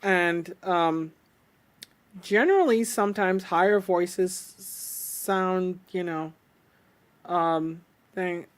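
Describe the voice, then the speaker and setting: A woman's voice: lowish voice, very slow. A woman with an alto voice, hosting a casual chat and explaining things in a chatty way. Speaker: host.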